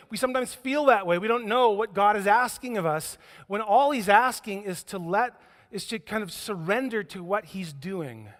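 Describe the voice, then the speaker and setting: A man's voice: sits high, animated, moderate pace, a bit bright. A man preaching a sermon as pastor, telling stories with humor and acting out the scenes. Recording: echoey church hall.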